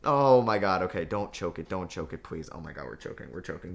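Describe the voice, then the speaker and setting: A young man casually commenting on his basketball video game season, swinging between nervous groans and excited cheers. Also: sits low, fast, gravelly, a little hiss or hum. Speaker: gaming channel host.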